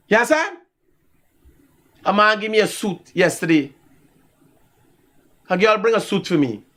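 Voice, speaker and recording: Lively Guyanese man, high and animated. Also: measured pace, pauses often. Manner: animated storytelling with frequent laughter. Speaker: talk show host. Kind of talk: casual live-show monologue.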